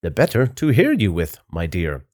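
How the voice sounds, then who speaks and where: A man voicing a sly male wolf in a storybook reading, squeaking in a high false voice to pass as someone else. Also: huge pitch swings, moderate pace, a little mellow, no room sound, studio quality. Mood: menacing. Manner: squeaky put-on falsetto turning menacing. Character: sly big bad wolf, male, faking a high sweet voice.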